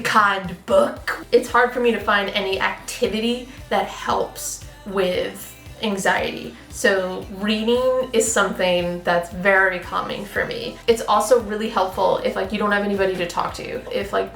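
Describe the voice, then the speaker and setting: A woman vlogger in a casual, chatty talk to camera, expressive and full of "like" fillers. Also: mid-range voice. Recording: echoey room with faint music.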